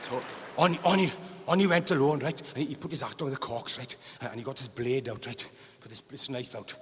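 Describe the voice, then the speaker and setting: Welsh comic telling a rambling tale. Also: male voice, mid-range voice, a little fast, fairly bright tone, some chatter behind. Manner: rambling anecdotal delivery with repeated "right?". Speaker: comedian. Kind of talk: live stand-up storytelling. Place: theatre stage before a live audience. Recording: live show in a large reverberant hall.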